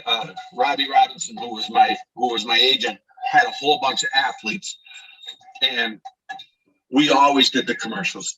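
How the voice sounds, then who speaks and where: Direction raspy, bright-voiced storyteller from Scranton. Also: male voice, medium pitch. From Scranton, Pennsylvania, USA. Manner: animated storyteller who acts out shouted quotes. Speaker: guest, actor and DJ. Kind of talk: casual interview storytelling. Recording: voice a bit far from the mic.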